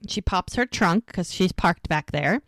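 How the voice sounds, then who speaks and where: A woman's voice: fairly low pitch, animated, unhurried, fairly bright tone, dry recording, clean studio sound. A woman co-hosting a podcast, casually retelling scenes blow by blow and acting out the characters' lines. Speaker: podcast co-host. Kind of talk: casual episode recap.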